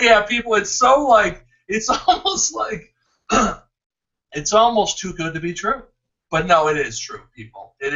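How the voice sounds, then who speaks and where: A man giving an excited, rambling promotional pitch, laughing often and restarting his sentences. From Ohio. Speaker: network marketing promoter. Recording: distant, dull lo-fi sound.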